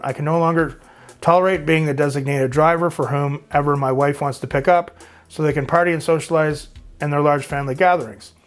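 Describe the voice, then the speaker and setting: Canadian man, fifties, slightly high voice, casual and rambling, reads viewer comments over faint music. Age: 50s. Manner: rambling, chatty, frequent filler words. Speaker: YouTube host.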